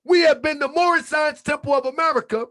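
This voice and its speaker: A man hosting his channel, preaching in a fiery monologue with shouted, repeated lines and colloquial talk, a little under the weather. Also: extremely high pitch, brisk. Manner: colloquial, drops into muttered asides. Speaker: channel host.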